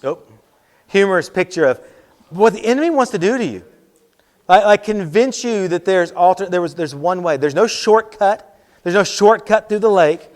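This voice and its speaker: A man's voice: high-pitched, lively intonation, normal speed, a little mellow. A man preaching at a youth event, conversational and repetitive, acting out quotes. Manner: conversational, repeats key lines, quotes with acted voices. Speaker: youth pastor. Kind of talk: youth sermon.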